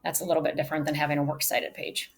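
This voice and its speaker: A woman's voice: deep voice, little pitch movement, very fast. A woman teacher giving a recorded virtual lecture on public speaking, emphatic and shifting her delivery to show how things should be said. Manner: emphatic, varies delivery to demonstrate. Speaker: speech teacher.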